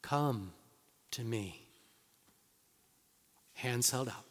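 A man's voice: mid-range voice, measured pace, a bit bright. A man preaching a sermon to his church, reading scripture aloud and building to emphatic, rising bursts. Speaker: pastor. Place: church sanctuary. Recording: long reverb of a large hall.

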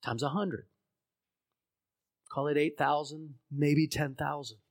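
Animated preacher man telling a parable. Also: a little high, takes it slowly, vocal fry. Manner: storytelling, acts out parable voices with big swings from shouts to hushed tones; asks the congregation questions. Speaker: pastor. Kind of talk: sermon.

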